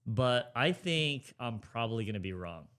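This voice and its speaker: A man with a clear, smooth voice at a middle pitch co-hosts a podcast. He chats casually and rambles, hedging and restarting as he goes. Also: lively intonation, normal speed, a bit bright. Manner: rambling, many restarts and hedges. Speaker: podcast co-host. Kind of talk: casual chat about current affairs.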